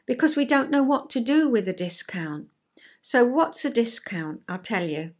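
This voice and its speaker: An older woman talking through a lesson in an easygoing, chatty vlog. Her higher voice swings up and down with great liveliness. She takes her time and keeps asking her listener homely rhetorical questions. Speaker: retired counsellor and vlogger. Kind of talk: chatty explanatory vlog talk.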